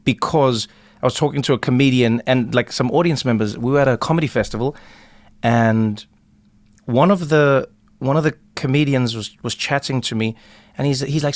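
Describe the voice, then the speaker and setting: A man hosting a casual podcast chat, a playful and animated storyteller who acts out the people he talks about. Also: mid-range voice, dry recording. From South Africa. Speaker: podcast host.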